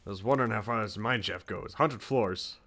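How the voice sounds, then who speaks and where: A man's voice: on the low side, fairly quick, bright, forceful tone. An American man streaming a farming game, chatting in a rambling, jokey and crude way to his viewers. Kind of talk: casual gaming commentary.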